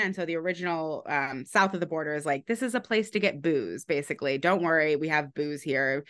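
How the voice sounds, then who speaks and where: A woman's voice: on the low side, fairly bright tone. A woman author and historian giving a long, explanatory interview answer, laughing lightly between points.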